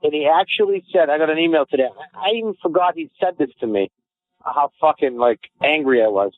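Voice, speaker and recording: A man hosts a podcast with brash, profane jabs at his guest, and his voice sits a touch higher than most. The sound is thin and narrow, like it is coming through a phone line. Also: expressive, fairly quick. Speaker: podcast host. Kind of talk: crude comedic banter. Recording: tinny phone-like audio.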